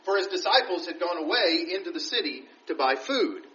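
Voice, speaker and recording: A man's voice: high voice, expressive, fairly quick, sharp tone. A man teaching the Bible verse by verse, reading scripture aloud and then explaining it conversationally. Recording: dull, roomy recording from a distance.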